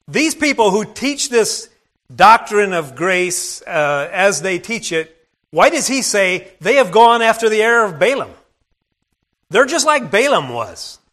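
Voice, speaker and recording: A man's voice: high-pitched, fairly bright tone. A man preaching a sermon, retelling a scripture story in a plain, conversational way with asides to the congregation.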